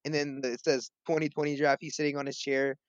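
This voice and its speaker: A young man co-hosting a casual sports podcast, animated and playful, laughing easily. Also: fairly high pitch, fairly quick, no room sound, highs cut off. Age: young adult. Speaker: podcast co-host.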